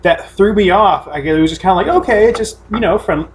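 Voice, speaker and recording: Male podcast co-host, casual and rambling, a bit high-pitched, recorded at home with faint noise. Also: brisk. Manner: rambling, profane storytelling with many restarts. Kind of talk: casual chat.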